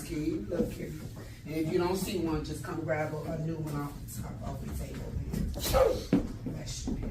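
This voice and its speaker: A woman teacher leading a classroom phonics lesson, calling out prompts and praise to her students. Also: on the low side. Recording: echoey, distant classroom with loud noise.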